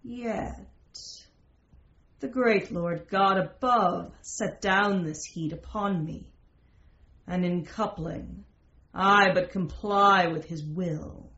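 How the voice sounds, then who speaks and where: A woman voicing a joyful medieval man who speaks in solemn, scriptural phrases, slightly lower than her narration, in a roomy, slightly dull recording. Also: takes it slowly, a bit bright. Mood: exultant. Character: joyful, devout-sounding medieval male lover.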